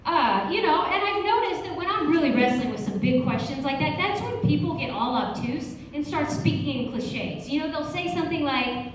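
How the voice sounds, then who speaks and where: Chatty high-voiced woman doing standup. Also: lively intonation, normal speed. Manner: chatty, peppered with "you know". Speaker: standup comedy student. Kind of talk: standup comedy set. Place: comedy stage. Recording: echoey room from a distant mic with faint noise.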